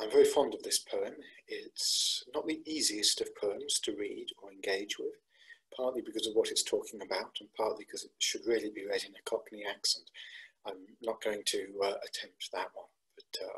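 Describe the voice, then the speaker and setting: A man speaks in a measured, earnest way as he introduces a poem for his church audience. His voice sits on the low side. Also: steady tone, fairly bright tone, slightly rough, poor audio. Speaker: church poetry presenter. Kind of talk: reflective talk introducing a poem.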